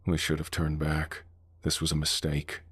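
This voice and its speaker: A man voicing a hollow monster that copies human voices, in a soft, eerily calm way. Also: extremely low pitch, normal speed, breathy edge, no room sound, studio quality, heavily acted. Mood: coaxing mimicry.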